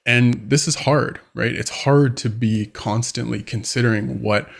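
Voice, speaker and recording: A man's voice: mid-range voice, steady tone, a little slow, vocal fry. Conversational male relationship coach. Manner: conversational, acts out scenarios with quoted voices. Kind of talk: direct-to-camera advice vlog.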